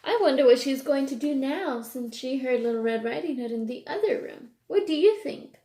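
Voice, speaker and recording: A woman reading a picture book aloud to children, expressive and stopping to ask her listeners questions. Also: high-pitched, moderate pace, echoey room. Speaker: reader to children.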